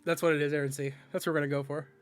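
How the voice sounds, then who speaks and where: A man's voice: a little high, level tone, rapid-fire, faint music behind. A male streamer in casual live-stream chat, joking with his viewers and tripping over tricky words.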